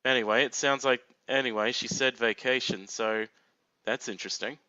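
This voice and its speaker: A man riffs through a blind reaction to a cartoon, casual and laughing often, with crude jokes. His voice is bright and smooth, and the dry, dull recording sounds lo-fi. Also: mid-range voice, fairly even intonation, moderate pace, no echo. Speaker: reaction commentator.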